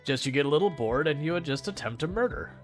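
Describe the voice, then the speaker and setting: A man's voice: fairly high pitch, lively intonation, fast, faint music behind. A man chatting casually while streaming a farming game, rambling, joking and laughing often. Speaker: gaming streamer. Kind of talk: casual gameplay commentary.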